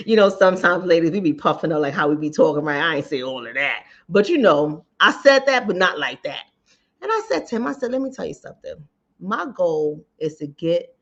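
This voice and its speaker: A woman hosting a channel, telling a personal story in animated, direct talk to ladies and fellas. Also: deep voice. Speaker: relationship coach and channel host. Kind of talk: casual talk-to-camera commentary. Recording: dull lo-fi sound.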